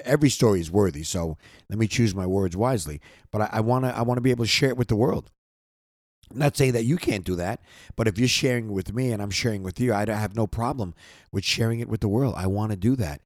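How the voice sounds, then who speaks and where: A man's voice: on the low side, a little mellow, no room sound, clean studio sound. A man hosting a podcast, talking in an earnest, rambling way, often repeating words as he gathers his thoughts. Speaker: podcast host. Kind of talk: heartfelt podcast sign-off. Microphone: close microphone.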